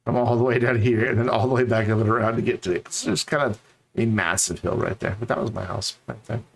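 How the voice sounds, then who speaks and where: A man's voice: on the low side, quick pace, creaky. A man streaming a game, chatting casually and rambling to his viewers. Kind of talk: casual live-stream chat.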